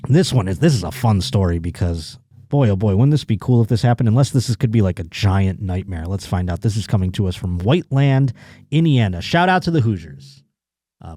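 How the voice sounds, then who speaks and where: Male podcast host, mellow tone, crude sarcastic riffing, dry close mic. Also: medium pitch, no room sound. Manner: crude, sarcastic riffing between read-out articles. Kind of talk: casual comedic chat reading news stories.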